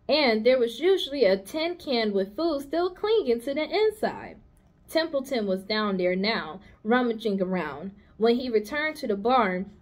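A woman reads a children's novel aloud to pupils in the manner of a school psychologist. Her voice sits a little high and stays expressive, and she corrects small slips without fuss. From United States. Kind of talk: children's book read-aloud.

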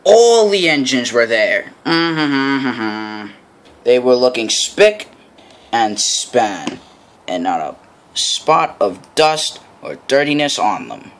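A man's voice: mid-range voice, very animated, slow, a bit bright. A man narrating a homemade storybook tale about trains, now and then laughing between lines.

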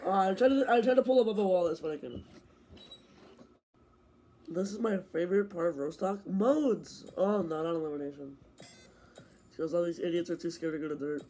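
A young man with a high-pitched, strained voice talks over a racing game he is playing. He grumbles at other players and bursts into excited yelling. A faint hiss sits under the recording. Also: a little fast, pauses often. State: losing his voice. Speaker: gaming streamer. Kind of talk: live gameplay commentary.

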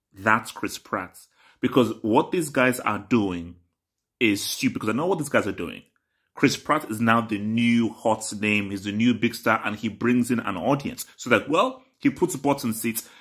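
A man rants on camera in an exasperated, emphatic way, and his pitch swings widely as he presses each point. He talks casually and with indignation, in the manner of an online commentary video. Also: expressive, normal speed, fairly bright tone. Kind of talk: ranting commentary vlog.

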